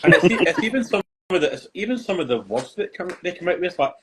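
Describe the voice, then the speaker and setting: An older man, a grandfather, chatting casually on a podcast he hosts and telling relaxed anecdotes. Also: high-pitched, fast talker, crowd noise, poor audio. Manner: easygoing anecdotal storytelling. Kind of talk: casual chat.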